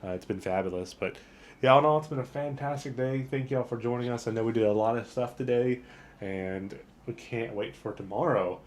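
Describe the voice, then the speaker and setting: Out on a town wharf, a travel vlogger keeps up casual, enthusiastic narration as he walks around. He speaks fairly quickly in a medium-pitched voice.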